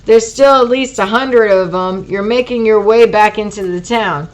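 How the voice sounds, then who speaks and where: A woman voicing a stoned, rambling female jet pilot with a slow, ponderous drawl in an audiobook reading. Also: mid-range voice, lightly acted, rough recording. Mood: slurring, rambling.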